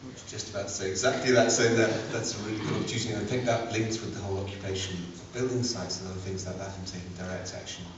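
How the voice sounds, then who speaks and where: Male panelist, mid pitch, measured delivery. Echoey hall recording with clear room noise. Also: fairly even intonation. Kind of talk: panel discussion talk. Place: large echoey room at a public event. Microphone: distant room mic. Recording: echoey, lo-fi, from far off.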